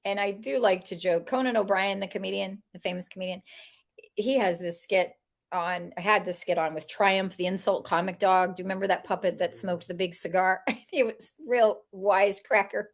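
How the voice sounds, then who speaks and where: A woman, an author and animal communicator, telling funny stories in a lively way, laughing often and acting out the voices of people she quotes. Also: mid-range voice, normal speed, gravelly. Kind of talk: storytelling interview talk.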